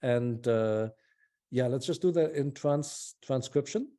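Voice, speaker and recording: A man's voice: medium pitch, takes it slowly, mellow. A man teaching a small language class over a video call, patient and encouraging, thinking aloud with fillers.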